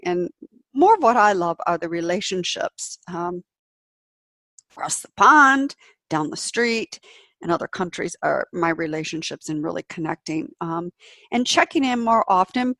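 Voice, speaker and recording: A woman's voice: medium pitch, normal speed, fairly bright tone, no room sound. Candid, emphatic middle-aged woman. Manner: candid and emphatic, swears freely. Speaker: podcast host. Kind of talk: personal reflective monologue.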